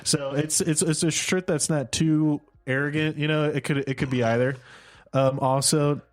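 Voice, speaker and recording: A man's voice: on the high side, fairly even intonation, moderate pace, dry recording. A man co-hosting a casual comedy podcast, riffing on jokes and laughing often. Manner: joking, laughs often, riffs on ideas. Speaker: podcast co-host.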